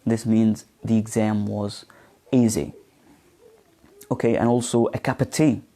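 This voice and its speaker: A man teaching a live online pronunciation class, speaking slowly and hesitantly with many fillers, modeling words and asking students questions. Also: on the low side, little pitch movement, dark tone.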